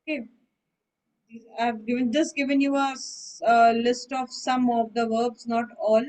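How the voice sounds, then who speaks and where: A woman's voice: on the high side, fairly even intonation, measured pace, a little mellow, low-quality recording. A woman teaching French in an online lesson, explaining patiently and often checking that her student understands. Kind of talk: online one-on-one language lesson.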